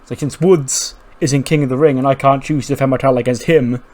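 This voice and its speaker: A man narrates a game playthrough in a chatty, casual way. He talks quickly and slips into the characters. His voice sits at an ordinary male pitch. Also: steady tone, darkish tone. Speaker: video game commentator.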